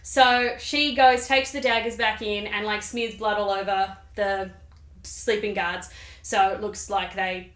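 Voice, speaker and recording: A woman's voice: medium pitch, normal speed, fairly bright tone, roomy sound. A woman hosting her own channel, giving a chatty, irreverent, slangy summary of a play. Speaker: channel host. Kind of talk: casual comic literature summary.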